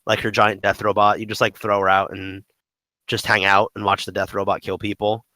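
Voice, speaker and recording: A man talks games on a podcast in a bright, forward voice, recorded dry and close. His speech rambles with lots of fillers and animated swings. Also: fairly low pitch, fairly quick, dry recording, poor audio. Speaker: podcast co-host. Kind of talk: casual gaming podcast chat.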